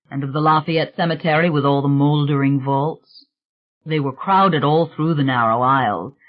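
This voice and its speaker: Audiobook reader telling the story easy and chatty, kinda muffled audio. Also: mid-range voice. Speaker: audiobook narrator. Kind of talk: scripted narration.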